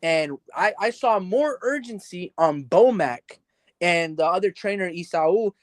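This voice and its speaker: A man with a somewhat high voice talks boxing in a loose, animated podcast chat. He keeps dropping "like" and "bro" and slips into acting out what the fighters were thinking. The sound is dry and close to the mic. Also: a little slow, no room sound. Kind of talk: casual boxing analysis chat.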